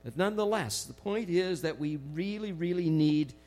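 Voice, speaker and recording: A man's voice: high-pitched, animated, a little mellow. Man preaching a conversational sermon. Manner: conversational preaching with emphatic slowed phrases. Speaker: pastor.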